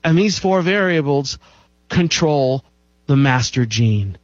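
A man's voice: mid-range voice, lively intonation, takes it slowly, no room sound, highs cut off. A man hosting a show, talking at length about health in an emphatic style and repeating key phrases for effect. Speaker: show host. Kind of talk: health talk monologue.

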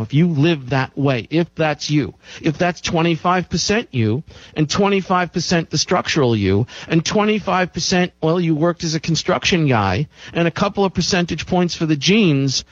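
Emphatic man with a higher voice, dry lo-fi. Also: dry recording. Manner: emphatic, repeats key phrases for effect. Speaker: show host. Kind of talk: health talk monologue.

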